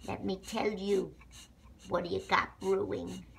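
A woman voicing an eager, greedy male bulldog who waits for cookies and narrates his thoughts in a hushed, conspiratorial way. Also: medium pitch, level tone, a little slow, vocal fry, a little hiss or hum, pitched below the performer's own voice. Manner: hushed, conspiratorial inner-monologue.

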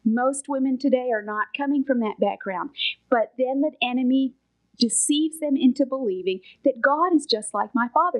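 A middle-aged woman with a high voice preaches in a sermon style, earnest and emphatic. She presses her points firmly and now and then drops into a soft whisper to stress them. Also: normal speed, rough recording. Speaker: Bible teacher.

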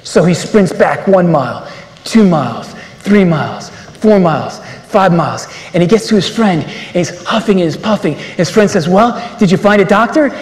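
Man, fairly high voice, emphatic inspirational preaching, rhetorical questions, echoey conference hall. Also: expressive, normal speed, a little mellow. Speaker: speaker at a men's conference. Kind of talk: inspirational religious talk.

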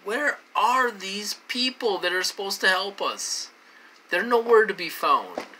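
An adult from the United States ranting to camera in a casual vlog, agitated and repetitive, cursing, with a voice that jumps high when indignant. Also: expressive, measured pace, sharp tone, a little hiss or hum. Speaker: vlogger.

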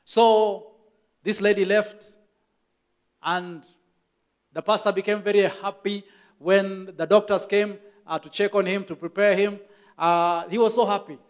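A man's voice: high-pitched, steady tone, unhurried, long pauses, clear, resonant tone. A Kenyan man preaching a church sermon as the pastor, telling stories with emphatic repetition.

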